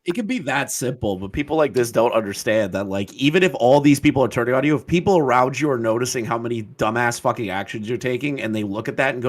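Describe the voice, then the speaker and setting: A man's voice: mid-range voice, fast talker, hardly any pauses. A man co-hosting a casual commentary podcast, blunt and derisive, swearing freely. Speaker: podcast co-host.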